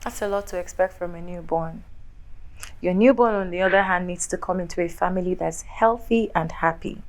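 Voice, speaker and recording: An actress playing a calm, patient therapist who asks gentle questions. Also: female voice, fairly low pitch, natural voice. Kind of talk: film acting.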